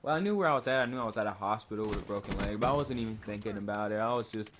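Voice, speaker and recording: A man's voice: lowish voice, very fast. Young male vlogger, laid-back profane storyteller, noisy home recording. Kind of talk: casual storytelling to camera.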